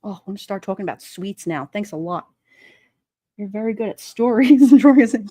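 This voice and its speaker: A woman's voice: medium pitch, lively intonation, fairly quick, mellow, no room sound, clean studio sound. A woman hosting a casual livestream, chatting with viewers in a blunt, playful way and laughing often. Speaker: livestream host. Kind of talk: casual live chat with viewers.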